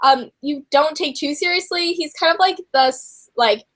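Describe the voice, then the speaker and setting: A woman's voice: sits high, moderate pace. A young woman hosting a casual live book chat. She rambles along and fills her talk with filler words. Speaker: host of a book channel.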